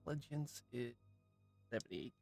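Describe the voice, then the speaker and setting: A man playing a tabletop game, chatting casually and getting excited over his dice rolls. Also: medium pitch, normal speed, soft background music. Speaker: player.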